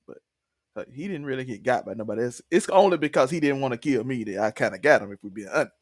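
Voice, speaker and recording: A man's voice: on the high side, fast, no room sound, clean studio sound. A man co-hosting a podcast, chatting casually about a TV episode, laughing often and acting out characters' lines. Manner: animated, laughs often, acts out quotes. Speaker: podcast co-host. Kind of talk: casual TV recap chat.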